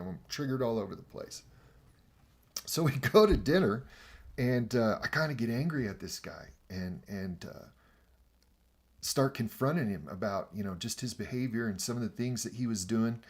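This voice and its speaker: A man's voice: medium pitch, a little fast. A man casually recounting a personal story, acting out quoted dialogue and chuckling as he goes. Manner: animated, acts out quoted dialogue, chuckles mid-sentence; frequent fillers and restarts, conversational. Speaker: podcast host recounting a pilgrimage.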